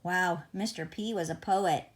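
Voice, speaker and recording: A woman's voice: fairly low pitch, unhurried. A woman reading a first-person novel aloud as an audiobook, in a conversational, wry and reflective manner. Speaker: audiobook reader.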